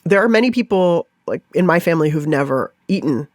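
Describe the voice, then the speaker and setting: A woman chef and food writer, guest in a casual interview, talking in an animated way with laughs and acted-out quoted thoughts. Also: fairly low pitch, fairly quick, no echo, studio quality.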